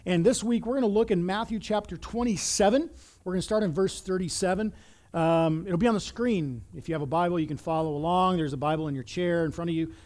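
A man preaching a sermon as a pastor, reading scripture and talking in an earnest, animated way with frequent restarts. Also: sits high, quick pace.

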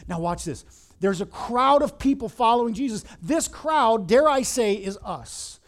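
Animated high-voiced male preacher. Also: moderate pace. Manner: animated storytelling, emphatic. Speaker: pastor. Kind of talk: sermon.

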